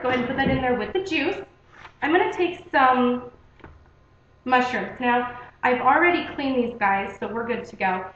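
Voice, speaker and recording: Chatty high-voiced woman cooking at home. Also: noisy background. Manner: chatty, repeats "okay?" and "guys". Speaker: cooking video host. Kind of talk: casual home cooking demonstration. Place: home kitchen. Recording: echoey, dull home video recording.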